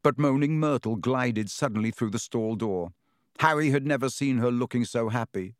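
A man reading a children's fantasy novel aloud as its narrator, in a lively, varied way. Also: mid-range voice, moderate pace, no room sound, studio quality. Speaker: audiobook narrator. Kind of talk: scripted narration.

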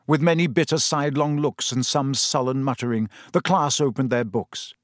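A man reading a story aloud in measured, scripted narration. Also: mid-range voice, no room sound, clean studio sound. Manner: measured storytelling, lively intonation. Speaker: audiobook narrator.

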